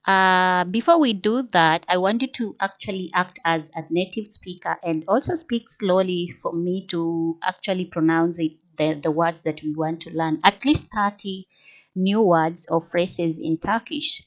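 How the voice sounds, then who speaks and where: Low-voiced woman, halting tutorial talk. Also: muffled recording. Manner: halting, restarts, fillers. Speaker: tech tutorial host. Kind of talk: casual screen-recording walkthrough.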